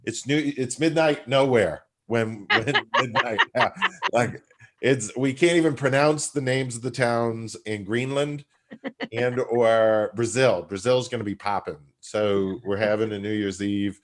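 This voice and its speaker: A man's voice: mid-range voice, measured pace. A man hosting a live-stream comedy show, reading out upcoming dates with a rambling, filler-filled delivery. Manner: rambling announcements full of fillers.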